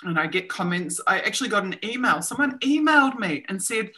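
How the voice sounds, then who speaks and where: A woman's voice: mid-range voice, lively intonation, fairly quick, pushed and bright, rough recording. A woman with a New Zealand accent hosting a casual livestream chat from home, laughing often and poking fun at herself. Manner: chatty, laughs often, self-mocking. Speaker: host. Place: home room.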